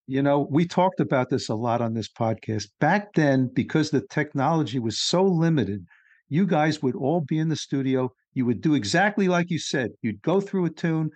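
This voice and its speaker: A man's voice: fairly high pitch, animated, moderate pace, darkish tone, no room sound. A man hosting a podcast, chatting and asking his guest questions. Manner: conversational, asks leading questions. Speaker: podcast host. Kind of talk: interview.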